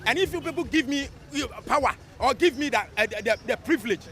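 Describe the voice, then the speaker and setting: A man with a Ghanaian accent giving an impassioned, animated outdoor street interview, mixing English with local speech. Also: very high-pitched, fast talker.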